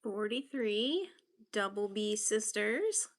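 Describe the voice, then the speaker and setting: An upbeat woman hosts a casual livestream in a mid-pitched voice, chatty and friendly with each viewer. She grew up in Massachusetts and talks easily and informally. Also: lively intonation, slow. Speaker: livestream host. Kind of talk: casual live-stream chat.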